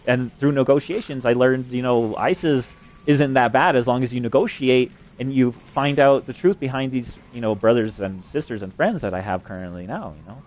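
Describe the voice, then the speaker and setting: A man's voice: medium pitch, normal speed, darkish tone. A young adult man telling a long, rambling story, swearing constantly and padding it with fillers. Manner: crude, profane, rambling, with frequent fillers and swearing. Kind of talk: rambling profane storytelling monologue.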